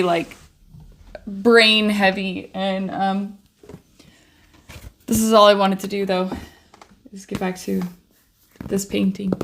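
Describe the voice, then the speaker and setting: Young woman rambling happily at her desk mic while she paints on stream, lots of restarts. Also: medium pitch. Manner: chatty, bubbly, trails off and restarts. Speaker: livestreaming painter. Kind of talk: casual chat while painting. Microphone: desk microphone.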